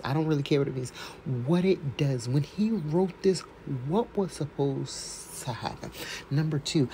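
A woman vlogger reading documents aloud in a casual, chatty way, with quick asides between slow reading. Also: low-pitched, mellow, slight background noise, low-quality recording. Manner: chatty, reads slowly then adds quick asides. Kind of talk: casual read-aloud with commentary.

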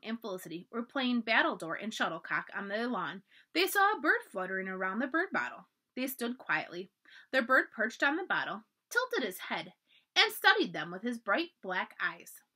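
A woman librarian reading a children's chapter book aloud, expressive and storyteller-like. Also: mid-range voice. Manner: expressive storyteller, lively voices for dialogue.

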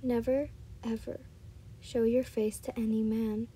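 A woman's voice: a little high, flat delivery, a little slow, dark tone, slight background noise, natural voice. A woman reading the part of a frightened captive mother who speaks in a trembling, pleading way. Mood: hushed.

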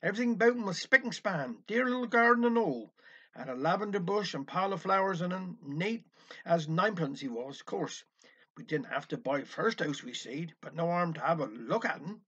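Brief: man, high voice, folksy dialect storytelling, dull lo-fi recording. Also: lively intonation, fairly quick, fairly bright tone, breathy edge. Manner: chatty folksy narration with old sayings.

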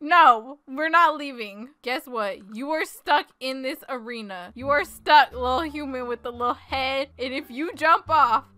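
A young woman giving casual, excitable gameplay commentary, often breaking into shrieks and laughter. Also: high voice, unhurried, few pauses, no echo. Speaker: gaming YouTuber.

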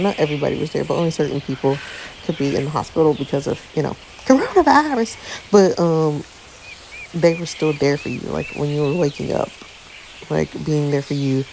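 A woman's voice: low voice, mellow, slight background noise, rough recording. A woman reading a story game aloud and chatting bluntly about it, swearing casually. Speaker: gameplay narrator. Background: background music.

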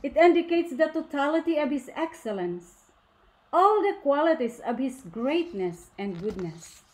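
A woman giving a faith talk to a women's gathering in a deliberate, emphatic way, asking rhetorical questions. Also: sits high, very animated, a little mellow. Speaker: speaker at a women's ministry gathering.

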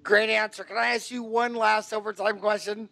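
A man's voice: sits high, flat delivery, normal speed, creaky, bright, forceful tone, no echo. A man hosting a podcast interview, asking brash, rambling, jokey questions. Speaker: podcast host. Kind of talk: casual interview. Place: Phoenix.

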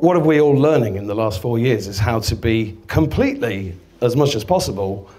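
A man speaks to a live audience in a loose, rambling way, swearing freely and slipping into little acted-out exchanges. His pitch sits in an ordinary middle register. He is speaking in an event venue. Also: a little mellow, husky. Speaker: guest speaker. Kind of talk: casual live talk to an audience.

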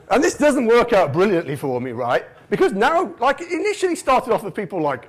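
A British man delivering a conference keynote with plenty of jokes at his own expense. His voice is high for a man and leaps up and down as he talks. He keeps it chatty, checking in with the crowd again and again. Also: huge pitch swings, a little fast, hardly any pauses, husky. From United Kingdom. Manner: jokey, self-mocking, chatty with fillers like "right?".

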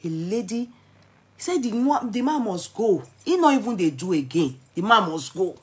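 A middle-aged woman with a Nigerian accent telling a story in a vlog, mixing Pidgin with English and rising into dramatic, excited exclamations. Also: mid-range voice, moderate pace. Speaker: vlogger.

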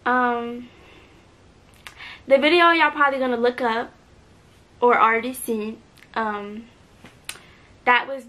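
A teenage girl talking hesitantly and earnestly in a home video, with many pauses and fillers. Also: a little high, fairly bright tone. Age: teens. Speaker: vlogger. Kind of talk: emotional apology video.

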